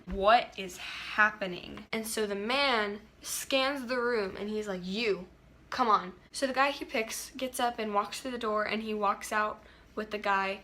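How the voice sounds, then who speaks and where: A teenage girl tells a dream story to her viewers in a casual storytime vlog. Her voice is bright, and she talks in an animated, breathless rush. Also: medium pitch. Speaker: vlogger.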